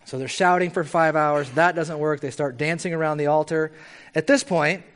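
Speaking at a fairly high pitch, a man delivers a sermon in a conversational style. His tone is lively and wryly playful, and he frequently throws short tag questions out to the audience.

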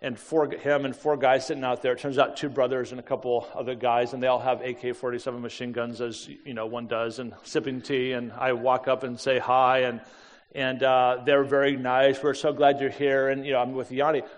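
A middle-aged man telling a personal story with lively energy, often laughing and acting out the voices of the people in it. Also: medium pitch, brisk. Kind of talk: animated storytelling talk. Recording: long hall reverb.

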